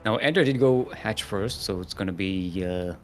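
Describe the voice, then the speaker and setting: A man casting a live strategy game, jokey and punny, often pausing with "uh". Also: sits low, soft background music. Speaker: esports caster.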